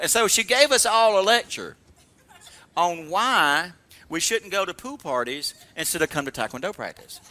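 Animated male pastor, sermon, high, lively, very bright, storyteller. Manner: animated storytelling with call-and-response; laughs while telling stories.

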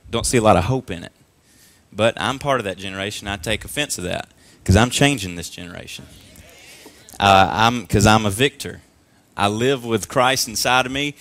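A man in his twenties preaching a sermon in church, peppering his lines with amens and swinging from quiet asides to loud, rising exhortation. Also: mid-range voice. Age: 20s. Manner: punctuates lines with frequent amens and praise God. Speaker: young preacher. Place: church service.

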